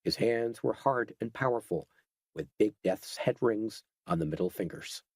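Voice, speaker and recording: A man giving steady, scripted narration of a horror audiobook. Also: on the low side, moderate pace, breathy edge, no echo.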